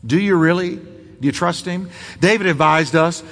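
A man's voice: sits high, normal speed, gravelly, fairly bright tone, big-room sound. A man preaching a sermon as pastor, building drama through repetition.

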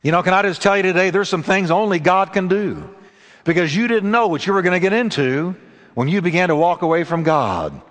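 Animated preacher with a ringing hall echo. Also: male voice, high-pitched. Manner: emphatic, dramatic pauses. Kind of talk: sermon with storytelling.

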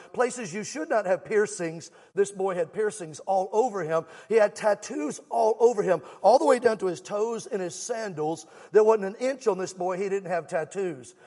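Fervent high-voiced male evangelist. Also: a little mellow. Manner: fervent, exhorting, calls for crowd response. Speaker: evangelist, guest preacher. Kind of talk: sermon. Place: church sanctuary. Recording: long church hall reverb.

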